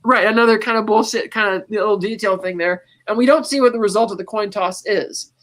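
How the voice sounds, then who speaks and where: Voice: mid-range voice, a little fast. Laid-back podcast host retelling a film. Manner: animated retelling, quoting movie lines in passing; laughs often, casual swearing. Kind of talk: casual film recap on a podcast.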